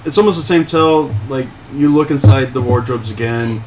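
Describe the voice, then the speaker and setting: A man runs a tabletop game, pausing often and restarting his sentences as he describes each scene. His voice sits at an ordinary middle pitch. A clear hiss of noise runs under a home stream recording. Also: a little mellow, poor audio. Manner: halting, full of fillers and restarts. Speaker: game master.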